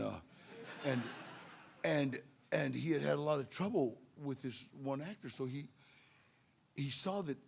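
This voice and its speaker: Gravelly man sharing his recovery story at a meeting, streetwise and animated in the dialogue. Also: on the high side. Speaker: AA speaker.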